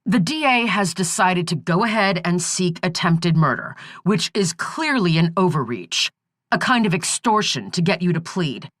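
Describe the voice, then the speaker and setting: A woman voicing a male defense attorney who speaks in a measured, soothing way. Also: animated, fairly bright tone, dry recording, clean studio sound. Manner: measured, soothing, low-key. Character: calm male defense lawyer.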